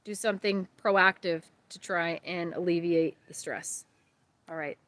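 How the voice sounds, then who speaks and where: A woman, chatting casually as a homesteading host on a livestream, rambling and warm-hearted. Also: fairly low pitch, fairly even intonation, measured pace, dry recording. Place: outdoors at night by a grill.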